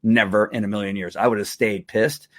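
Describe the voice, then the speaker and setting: A man's voice: on the low side, steady tone, a little fast, dry recording, studio quality. A man in his fifties talking candidly on a casual livestream as host, rambling with many fillers and restarts. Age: 50s.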